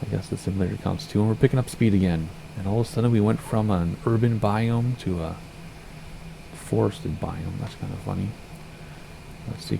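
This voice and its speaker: A man streaming a flight simulator, chatting casually and rambling, with a slightly hoarse voice. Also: on the low side, warm tone, a little hiss or hum. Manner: chatty, rambling, self-correcting. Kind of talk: casual gameplay commentary.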